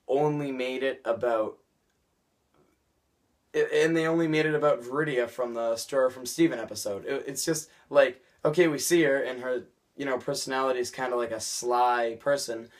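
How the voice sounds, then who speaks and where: A young man vlogging an episode review in a rambling, chatty way, full of restarts. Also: mid-range voice. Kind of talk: casual episode review vlog.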